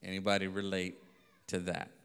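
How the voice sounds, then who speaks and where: A pastor telling a lively story in a sermon, acting out voices and laughing often. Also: male voice, sits low, moderate pace, smooth. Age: adult. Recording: long reverb of a hall.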